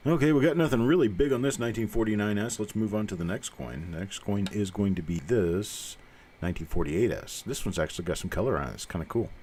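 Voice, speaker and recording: A man's voice: lowish voice, fast talker, a little mellow, slight background noise. A man in his fifties from the American South with a faint Southern accent, hosting a live coin stream, blunt and rambling with self-mocking asides. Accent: mild Southern American. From Southern United States. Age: 50s. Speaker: host. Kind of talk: casual live-stream chat.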